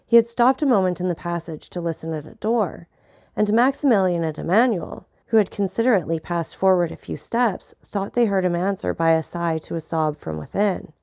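A woman narrating an audiobook of a classic novel in a steady, clear reading voice. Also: fairly low pitch, fairly quick, dry recording, clean studio sound.

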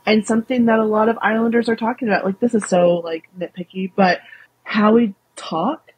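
A woman's voice: medium pitch, brisk, slightly rough, low-quality recording. A young woman with a Southern US accent, a guest speaking candidly and animatedly in a casual interview. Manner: candid, animated, many fillers.

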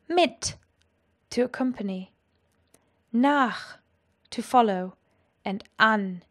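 A woman teaches a language lesson, explaining each point clearly and with lively energy. Her voice sits a little higher than most.

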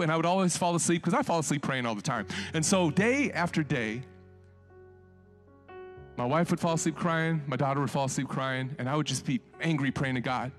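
Male pastor, high voice, impassioned and casual, drops quiet then builds loud. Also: fairly quick, faint music behind. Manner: impassioned, swinging between hushed storytelling and loud exhortation; colloquial, conversational preaching. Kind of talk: sermon.

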